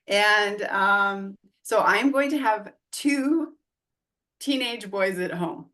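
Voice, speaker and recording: A woman's voice: mid-range voice, slow pace. A woman in her forties, a guest on an interview podcast, talking casually and acting out quoted lines as she tells a story. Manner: animated, acts out quoted dialogue. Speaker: guest real estate investor and coach.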